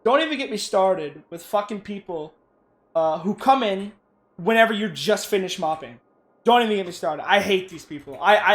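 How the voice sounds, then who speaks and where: A man casually ranting and telling profane work stories while playing a game. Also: high-pitched. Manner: ranting, profane, animated storytelling. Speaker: gaming YouTuber. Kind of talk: casual rant over gameplay.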